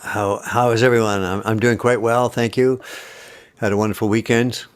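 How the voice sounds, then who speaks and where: A man's voice: fairly low pitch, steady tone, normal speed, clean tone. A man co-hosting a radio chat, speaking in a polite, slightly formal way. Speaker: co-host. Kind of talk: casual chat.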